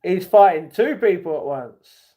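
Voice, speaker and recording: A man's voice: high voice, lively intonation, a little slow, mellow. A man from the United Kingdom hosting a casual livestream, reading viewer comments aloud and reacting to them. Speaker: livestream host.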